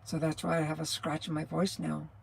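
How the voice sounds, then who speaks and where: A woman in her sixties from New Mexico, a truck driver hosting a livestream, chats casually in a scratchy, rattly voice. Her pitch is low and fairly flat, her pace fairly quick and creaky. She rambles, loses her train of thought, and laughs often.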